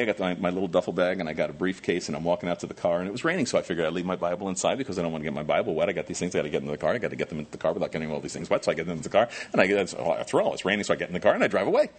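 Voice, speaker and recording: Male pastor preaching; husky voice with a lively, swinging delivery. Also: low voice, rapid-fire. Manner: animated, swings from quiet asides to loud emphatic questions. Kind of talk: sermon.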